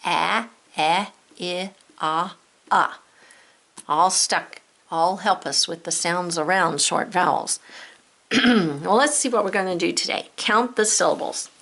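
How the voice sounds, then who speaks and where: Gravelly-voiced woman teaching spelling. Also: on the low side, slow, a bit bright. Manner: chatty, talks herself through each step. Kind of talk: spelling lesson.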